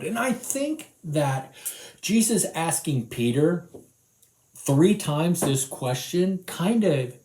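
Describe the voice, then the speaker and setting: Male children's Bible teacher, lively storyteller, unhurried, roomy echo. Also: fairly high pitch. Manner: animated, conversational storytelling.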